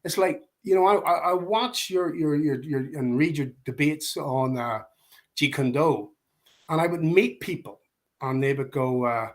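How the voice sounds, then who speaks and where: An Irish man speaking a little above the usual male pitch, chatting casually as a guest over a video call. He tells stories in a loose, rambling way, restarting his sentences and laughing often. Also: normal speed. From Ireland. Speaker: martial arts instructor, guest. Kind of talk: casual chat.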